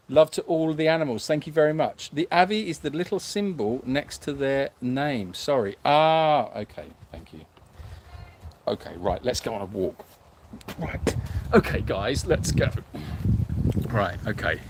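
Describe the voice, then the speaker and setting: A man's voice: fairly high pitch, a little mellow. A man hosting a sanctuary livestream, reading viewer comments aloud in a hesitant, self-mocking way with lots of fillers. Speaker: animal sanctuary host.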